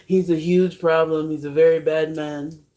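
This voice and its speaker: Woman doing a slow pompous politician impression. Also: sits low, flat delivery, mellow, close to an everyday voice. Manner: slow, halting, declaring. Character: male politician, pompous and blustering.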